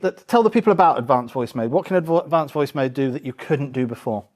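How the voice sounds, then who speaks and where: A man's voice: mid-range voice, expressive, fast talker, a little mellow. A man presenting a live tech demo to a room of about forty people, casual and chatty. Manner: casual, chatty, with many fillers and restarts.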